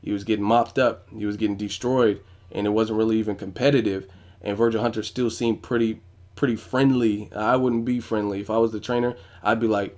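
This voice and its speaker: A man's voice: mid-range voice, steady tone, fairly quick, darkish tone. A man giving casual, blunt boxing commentary on his vlog, with plenty of profanity. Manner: casual, blunt, profane, frequent "you know what I'm saying". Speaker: boxing YouTuber.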